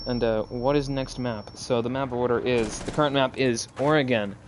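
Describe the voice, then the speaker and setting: A man casting an esports match on his own, mixing quick play-by-play with loose, rambling asides to viewers. He speaks into a close mic at a middling pitch. Gunfire and game sounds keep up clearly behind him. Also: steady tone, background noise. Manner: casual, rambling, chats with viewers between plays. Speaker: solo esports caster. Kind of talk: live esports play-by-play commentary.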